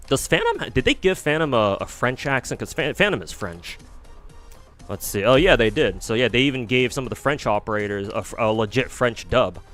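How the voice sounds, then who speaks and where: A man's voice: mid-range voice, expressive, moderate pace, a bit bright, soft background music. A man streaming a game, rambling through casual commentary with frequent swearing. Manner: rambling, profane.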